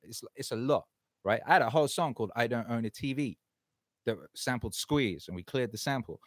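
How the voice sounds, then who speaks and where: A man's voice: medium pitch, expressive, fairly quick, no room sound. A man hosting his own live stream, swearing a lot and swinging between heated ranting and cheerful chat with viewers.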